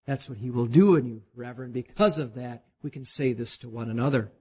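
Husky-voiced man preaching animatedly. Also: quick pace. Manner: animated preaching, voice climbing high when voicing God. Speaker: pastor. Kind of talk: sermon.

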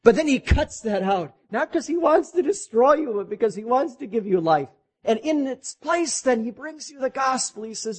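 A man preaching a sermon as a pastor, animated, his voice climbing high as he voices God speaking to the congregation. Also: normal speed, slightly rough.

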